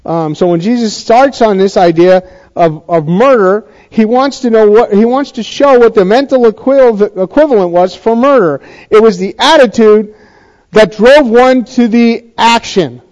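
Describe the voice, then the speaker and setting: A man's voice: sits high, a little slow, darkish tone, dull audio. A male pastor giving a sermon in a chatty, conversational way, often restarting his sentences.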